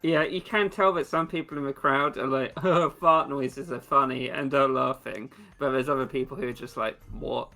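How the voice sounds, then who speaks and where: A man's voice: medium pitch, brisk, hardly any pauses, sharp tone, faint music behind. A man narrating as game master for a tabletop game, laughing often.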